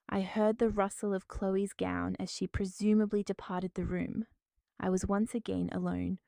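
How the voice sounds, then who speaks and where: Smooth, gravelly-voiced woman storyteller. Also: medium pitch, flat delivery, mellow, no room sound, studio quality. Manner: measured and formal. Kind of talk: first-person dramatic story narration.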